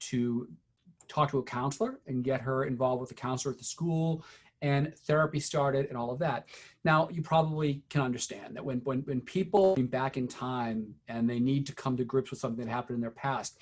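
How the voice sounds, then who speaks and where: A middle-aged man giving a teacher training, telling a story in a conversational, unhurried way with many fillers. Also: medium pitch.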